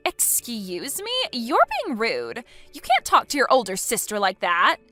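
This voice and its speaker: A woman's voice: fairly high pitch, big pitch swings, measured pace, pushed and bright, soft background music, heavily acted. A synthetic woman's voice playing an entitled young woman who talks in an indignant, self-pitying way.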